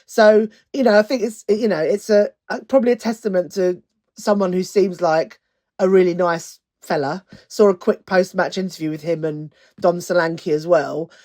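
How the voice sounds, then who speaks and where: A woman talking as a football podcast pundit in casual chat, with a halting, restarting flow. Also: on the low side, steady tone, dark tone.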